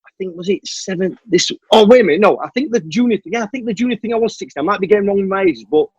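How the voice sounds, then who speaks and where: A man's voice: sits high, racing, slightly rough, no echo. A man, a stuntman and martial artist, telling a long story as an interview guest and acting out the dialogue. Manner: animated storyteller who acts out the dialogue. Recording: dull, dry lo-fi audio.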